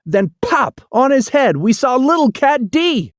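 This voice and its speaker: A storybook narrator with a lively, sing-song voice that rises and falls widely through the rhymes. The pace is slow and deliberate. The sound is close and dry. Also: high-pitched, no echo. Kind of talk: storybook read-aloud.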